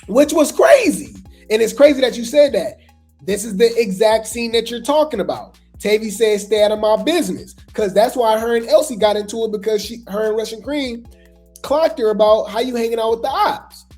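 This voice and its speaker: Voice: medium pitch, lively intonation, normal speed, a little mellow, soft background music. A host giving casual gossip commentary, chatty and trailing off with repeated asides.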